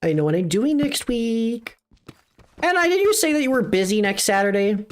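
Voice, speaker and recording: A young woman live-streams a game and chats casually with viewers at a normal pace, excitable and swearing, often breaking into high squeals.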